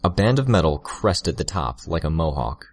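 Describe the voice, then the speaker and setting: A man narrating an audiobook in a steady first-person storytelling manner, on a close studio mic. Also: a bass voice, normal speed, no room sound.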